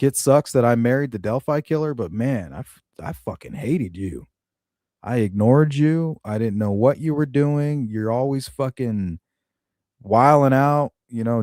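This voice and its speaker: A man reacting to audio with crude, sarcastic commentary, cursing and mocking as he goes. His voice sits at an ordinary pitch, and the recording is close and dry with no room sound. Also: dark tone, no echo. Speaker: true crime commentator.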